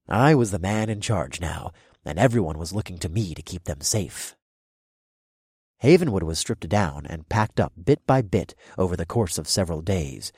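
A man narrating a first-person fantasy audiobook in a steady, measured way on a close studio mic. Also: sits low, husky, dry recording.

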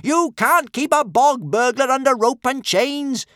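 A man voicing a fierce, defiant young Viking girl who shouts drawn-out insults. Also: extremely high pitch, no echo, studio quality, pitched above the performer's own voice. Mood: furious.

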